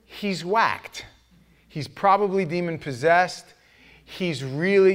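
A middle-aged male pastor preaches with a fairly high voice. He tells animated stories, acts out the other voices, climbs to loud shouts, then drops to a low, earnest tone. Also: slow pace. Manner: animated storytelling, acting out voices, shouting at peaks. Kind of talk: sermon.

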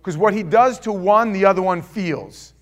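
A man in his forties preaching a sermon, animated, swinging from loud exclamations to hushed asides and acting out quotes. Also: high voice, moderate pace. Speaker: pastor.

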